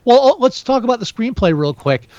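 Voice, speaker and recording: A high, lively male voice rambles through a casual film review, stumbling and restarting as he goes. The sound is dry and a little muffled, like a lo-fi podcast mic. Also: a little fast, no echo. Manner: rambling, many restarts, animated. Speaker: podcast co-host. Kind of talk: casual movie review chat.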